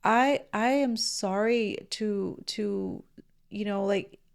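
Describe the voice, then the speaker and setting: An earnest man speaks hesitantly and softly, pausing to find his words, as a woman acts him out. The voice sits at a middle pitch with some gravelly fry. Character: earnest man moved by a stranger's kindness.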